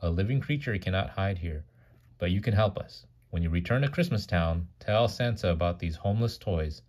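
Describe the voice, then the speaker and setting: A man's voice: sits low, animated, normal speed, darkish tone. A man voicing a stern old king of a toy island while reading a storybook aloud. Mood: solemn.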